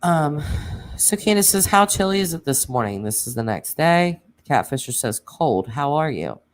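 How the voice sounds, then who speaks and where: A woman hosting a true crime channel, reading text messages aloud in a plain way, with pauses and casual asides. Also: deep voice, big pitch swings, a little hiss or hum.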